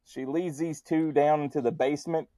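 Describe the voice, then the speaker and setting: A man's voice: fairly high pitch, steady tone, normal speed, mellow, no room sound. A man with a Southern US accent co-hosting a horror movie podcast, bantering, swearing and laughing with his friend. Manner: laughing, playful, crude banter. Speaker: podcast co-host. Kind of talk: casual movie review chat.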